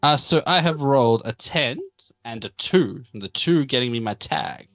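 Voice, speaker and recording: A man's voice: medium pitch, lively intonation, moderate pace, fairly bright tone, dry recording, faint music behind. A man playing a tabletop game, rambling playfully about his character's schemes. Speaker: player. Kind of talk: casual tabletop play.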